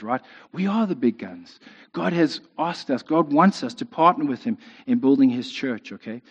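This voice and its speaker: A man's voice: on the high side, expressive, normal speed, darkish tone. A man preaching a sermon in a conversational way, often checking in with "right?". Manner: conversational, keeps asking "right?". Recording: dull lo-fi sound with long reverb in a hall.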